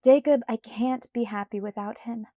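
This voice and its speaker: A sharp-tongued teenage girl, read by a woman, snaps her lines out louder and slower than the narration around them. The voice sits a little high with a soft, mellow color. It is recorded close and dry. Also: dry recording, lightly acted. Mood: cold. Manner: raised, emphatic, slow outbursts.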